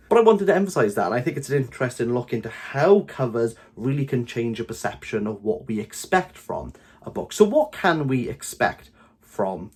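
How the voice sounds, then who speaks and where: A man with a Welsh accent giving an opinionated book review in a vlog, talking in animated, exasperated bursts. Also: medium pitch, moderate pace, breathy edge. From Wales.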